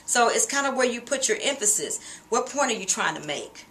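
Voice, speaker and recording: Woman teaching singing, bright voice. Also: on the high side, a little fast, a little hiss or hum. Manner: relaxed, conversational explaining with frequent fillers. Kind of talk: vocal lesson with sung demonstrations.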